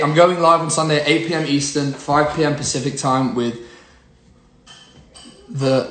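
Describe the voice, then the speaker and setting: A young singer-songwriter chatting casually on a phone livestream, rambling with lots of fillers. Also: male voice, mid-range voice, fairly bright tone. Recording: roomy echo, faint noise.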